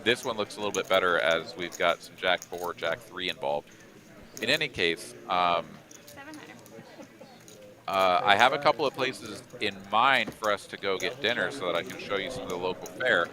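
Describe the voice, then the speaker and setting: A man's voice: sits low, normal speed, pushed and bright. A man doing live poker commentary, thinking aloud in a rambling, casual way with lots of fillers.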